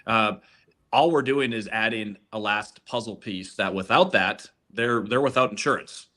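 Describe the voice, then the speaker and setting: Low voiced guy pitching gold on a webinar, bright forceful tone, kinda repeats himself starting sentences. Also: moderate pace. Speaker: gold consultant. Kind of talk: webinar presentation.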